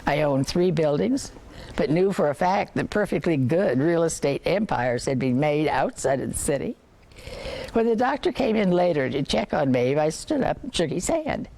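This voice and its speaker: An older woman reading a novel aloud to listeners, measured, with occasional slips and restarts. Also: low-pitched, very animated, gravelly, mellow. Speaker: reader.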